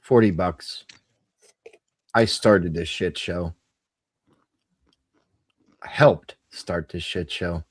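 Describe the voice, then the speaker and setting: A man's voice: deep voice, extremely slow, long pauses, husky, no echo. A man panelist on a live stream who answers tersely and keeps refusing. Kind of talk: casual live stream chat.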